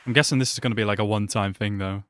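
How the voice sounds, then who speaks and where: A man's voice: fairly low pitch, steady tone, very fast, a bit bright, clean tone. Casual slangy man reacting to anime. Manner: casual, slangy, says "bro" a lot. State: hiccuping. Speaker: anime reaction channel host.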